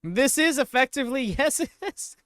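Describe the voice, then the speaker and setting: A man's voice: very high-pitched, lively intonation, normal speed, a bit bright, no echo, clean studio sound. A man hosting a live wrestling watchalong stream, chatting casually and answering viewers in chat. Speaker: watchalong host.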